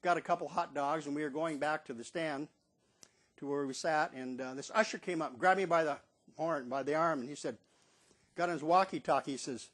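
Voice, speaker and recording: Folksy older man with a high voice. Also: brisk, a bit bright. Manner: folksy, rambling storyteller who acts out others' lines. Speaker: storyteller. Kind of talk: casual spoken anecdote.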